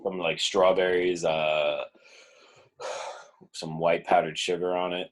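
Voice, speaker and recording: A man's voice: low voice, flat delivery, takes it slowly. A young man co-hosting a beer review podcast, laid-back in casual chat and laughing often. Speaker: podcast co-host reviewing beers.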